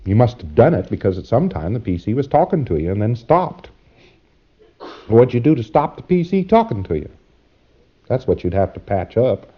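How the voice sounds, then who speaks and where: A man's voice: mid-range voice, very animated, breathy edge. A man giving a lecture to trainees, folksy and wry, acting out short exchanges as he talks. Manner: folksy, wry, acts out exchanges in quick asides. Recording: dull lo-fi old tape recording.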